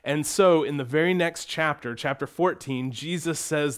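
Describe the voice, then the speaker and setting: Conversational preacher with a slightly high voice. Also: male voice, smooth. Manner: reads scripture slowly, then preaches conversationally with acted asides. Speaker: pastor. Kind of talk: sermon. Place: church sanctuary.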